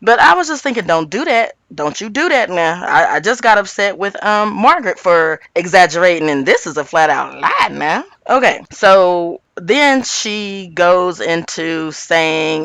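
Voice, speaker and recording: A raspy-voiced woman talks through a reality TV episode with lively, swooping pitch, often jumping up high to mimic what others said. Her voice sits close and dry on the mic, with no room sound. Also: measured pace, hardly any pauses, dry recording. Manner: animated, quotes cast members in big pitch jumps. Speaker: reality TV recap host. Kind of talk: casual commentary.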